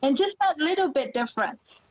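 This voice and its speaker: A young woman from China speaks with a Chinese accent, her voice high and bright in pitch. She chats in an upbeat way, full of fillers, as a podcast guest. The sound is dry and close, with no room around it. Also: lively intonation, a little fast, no echo, low-quality recording. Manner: upbeat, chatty with many fillers. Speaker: pageant winner guest. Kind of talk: podcast interview.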